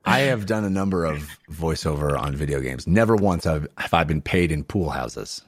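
A man's voice: a bass voice, lively intonation, moderate pace, slightly rough. A man hosting a casual podcast, wry and jokey as he chats and plugs his shows. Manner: wry, jokey, upbeat plugging. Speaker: podcast host.

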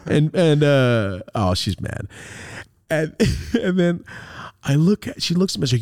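A man tells a story on his podcast in a loose, casual way. His pitch swings widely as he acts out what people said, and he swears and laughs a lot. The sound is dry and close, with no room echo. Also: expressive, normal speed, darkish tone. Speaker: podcast host.

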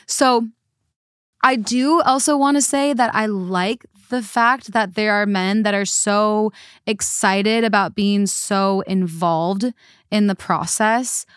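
Smooth-voiced woman guest co-host. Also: medium pitch, slow pace, dry recording, studio quality. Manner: emphatic, repeats herself with fillers. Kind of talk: casual podcast chat.

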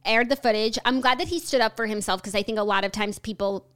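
A woman's voice: a little high, fast, fairly bright tone, clean tone. A young woman co-hosting a podcast, chatting in an effusive, reflective way and leaning heavily on "like". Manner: valley-girl filler talk, effusive and reflective. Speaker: podcast co-host. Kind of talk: casual chat.

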